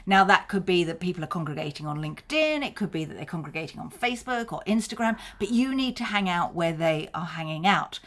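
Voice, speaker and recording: A woman's voice: lowish voice, fairly bright tone. A woman teaches marketing straight to camera as a coach. Her delivery is conversational and friendly in pace, and she slips into little acted-out exchanges to make her points. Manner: conversational, acts out short snippets of dialogue. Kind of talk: explaining to camera.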